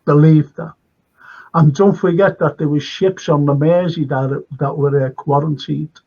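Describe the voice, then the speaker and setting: Rambling older Liverpool man, husky. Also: fairly high pitch, fairly even intonation, unhurried, a little mellow, dull audio. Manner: rambling, repeats phrases, emphatic. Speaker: guest, retired history lecturer. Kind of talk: casual conversation.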